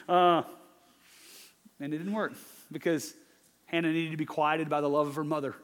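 A man, a father, preaching a sermon in a conversational, animated way, swinging from loud emphasis to hushed asides. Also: on the high side, normal speed, long pauses, big-room sound. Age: adult father. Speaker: pastor.

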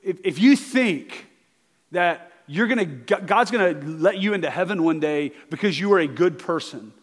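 Male pastor, fairly high voice, earnest sermon delivery, big reverberant hall. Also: expressive, moderate pace. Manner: earnest, repeats words, asks okay to the congregation.

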